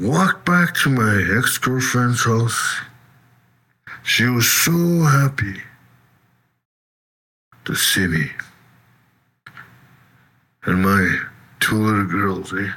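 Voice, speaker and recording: A man giving a personal testimony in a halting, conversational way, often adding "you know" or "eh". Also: medium pitch, animated, pushed and bright, poor audio.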